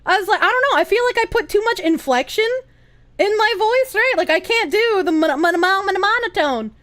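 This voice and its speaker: A woman's voice: extremely high pitch, expressive, brisk, fairly bright tone. A woman streamer reacting to a clip in casual chat, giggling and swearing freely. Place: room with echo dampeners.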